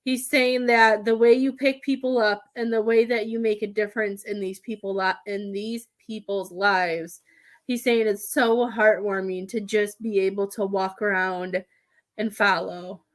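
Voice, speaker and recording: A woman giving a live psychic reading as a medium, talking in halting, rambling bursts with many restarts. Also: medium pitch, steady tone.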